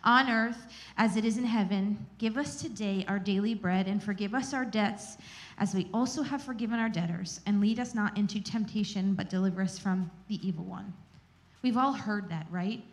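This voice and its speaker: A woman's voice: mid-range voice, moderate pace. A woman giving a candid, self-deprecating teaching talk at a church gathering, telling personal stories.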